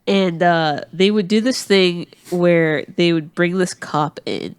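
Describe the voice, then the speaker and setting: This Atlanta man co-hosts a podcast, and his voice is high-pitched, slow, clear and resonant. He rambles through a long story in casual chat, full of fillers and restarts.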